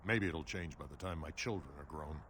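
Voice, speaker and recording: An actor playing a surface-born dwarf merchant who speaks with wry, guarded resentment in a video game. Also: male voice, rumbling low, brisk, fairly bright tone, slight background noise. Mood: wry, bitter.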